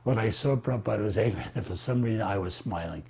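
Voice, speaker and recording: Man, husky voice, animated storytelling, lots of fillers and restarts. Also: on the low side. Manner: lively, halting retelling with many fillers. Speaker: devotee recalling memories.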